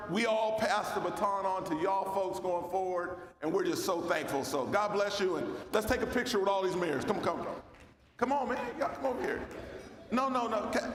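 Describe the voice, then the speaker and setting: High-voiced man, folksy, in an echoey hall. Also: noisy background. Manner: loose, folksy, calls out to the crowd. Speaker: founding mayor and speaker. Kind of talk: lively speech at a luncheon. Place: large banquet hall. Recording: echoey hall with long reverb.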